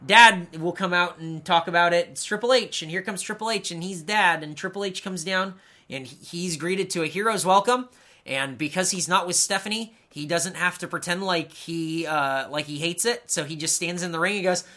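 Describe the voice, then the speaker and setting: A man's voice: high voice, normal speed, pushed and bright. A man co-hosting a casual wrestling podcast, sarcastic and swearing, mocking the shows with impressions. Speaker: podcast co-host.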